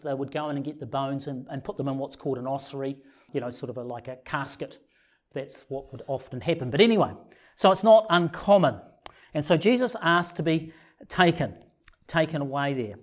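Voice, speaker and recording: A preacher giving a sermon, retelling scripture in a lively storytelling way. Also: medium pitch, a little fast.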